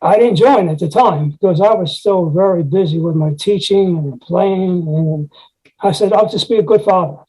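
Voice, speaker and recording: A man's voice: high-pitched, normal speed, warm tone, breathy edge, low-quality recording. An older man, a retired music teacher, telling rambling anecdotes in an interview and scat-singing musical articulations. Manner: rambling anecdotes with frequent "you know" and scat-sung articulations. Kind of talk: conversational storytelling interview.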